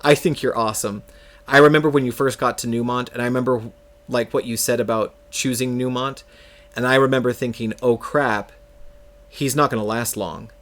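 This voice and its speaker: A man's voice: medium pitch, steady tone, normal speed, fairly bright tone. Chatty, self-mocking man from California. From California, United States. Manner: rambling, self-mocking, laughs often mid-story. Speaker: game streamer. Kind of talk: casual storytelling chat on a live stream.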